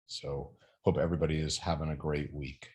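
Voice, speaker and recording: A man's voice: rumbling low, level tone, a little fast, darkish tone, reverberant. A man with a Long Island New York accent hosting a partner video call in a friendly, chatty way, with frequent ums and uhs. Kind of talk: casual video call chat.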